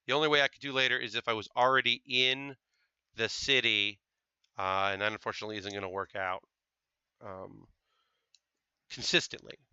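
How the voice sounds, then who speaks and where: Bright chatty man streaming a model build. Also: lowish voice, little pitch movement, brisk, clear, resonant tone, dry recording, muffled recording. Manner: chatty, thinks aloud with fillers, speaks to chat. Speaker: livestreamer building model kits. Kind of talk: casual live-stream chat while building.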